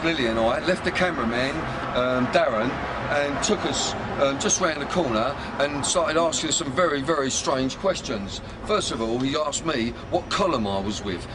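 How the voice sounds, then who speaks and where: A man's voice: mid-range voice, noisy background. A man, a filmmaker talking to camera outdoors on city streets, blunt and sweary, bantering with passers-by. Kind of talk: street vlog to camera, recounting events. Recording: loud music over street recording.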